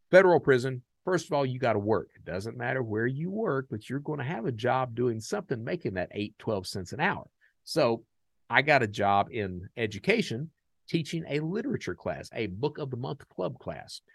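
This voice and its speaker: A man from the United States hosting a podcast, telling a story in a casual, animated and profane way and acting out the dialogue. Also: medium pitch, moderate pace, husky, dry recording. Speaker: podcast host.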